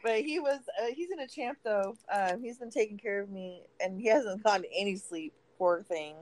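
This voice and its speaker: A woman's voice: medium pitch, normal speed, darkish tone, poor audio. A woman co-hosting a casual chat podcast, laughing often and swearing freely, while she recovers from a broken leg. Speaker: podcast co-host.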